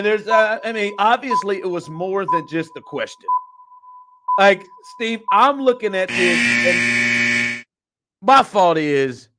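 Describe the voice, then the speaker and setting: A man hosting a casual sports talk show, animated and incredulous, laughing often and packing his talk with fillers. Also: high-pitched, heavy background noise. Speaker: podcast host.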